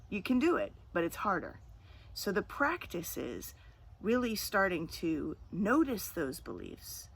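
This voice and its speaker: Low-voiced woman coaching on anxiety. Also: gravelly, a bit bright, slightly rough. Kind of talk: self-help talk to camera.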